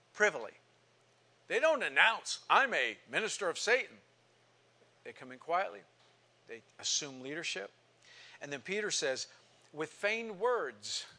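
A man in his sixties teaching a Bible class in sermon style, reading scripture with passion and swinging from soft to loud. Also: a little high, sing-song, a little slow, pauses often. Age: 60s.

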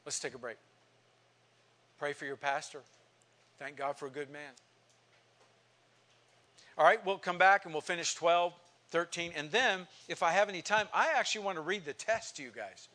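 A man in his sixties teaching a Bible class in sermon style, reading scripture with passion and swinging from soft to loud. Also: fairly high pitch, moderate pace, pauses often. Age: 60s.

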